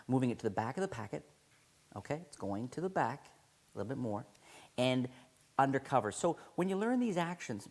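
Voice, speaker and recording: A man's voice: medium pitch, gravelly. A man teaching card sleights in a casual video tutorial, enthusiastic and conversational, often correcting himself mid-sentence.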